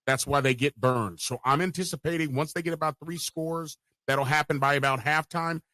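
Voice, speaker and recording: A man with a bright, forceful voice and a slightly high pitch, talking sports as a guest radio host. He makes confident, emphatic calls, and the sound is dry and close. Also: steady tone, moderate pace, no echo. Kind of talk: casual sports talk.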